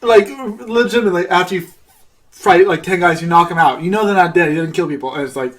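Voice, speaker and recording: Excitable male podcast co-host, slightly high voice, off-mic, casual swearing. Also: fast talker, far from the mic. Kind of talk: casual chat.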